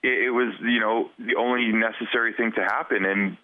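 A man from western Canada, speaking as a podcast guest about something he lived through. His delivery is earnest and halting, with words doubled as he gathers his thoughts. The sound is tinny and phone-like, with a dry, close quality. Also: on the low side, steady tone, dry recording. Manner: earnest, halting storyteller who repeats words. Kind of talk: personal story in a podcast interview.

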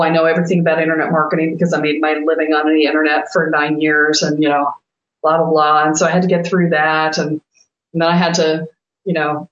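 A middle-aged woman co-hosting a talk, telling a story with lots of animation and laughter and acting out what she once said. Her voice sits in a roomy space, and the recording is a bit dull and lo-fi. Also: on the low side. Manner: animated, laughing, quotes herself with swearing. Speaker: spiritual coach and podcast co-host. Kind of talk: casual storytelling chat.

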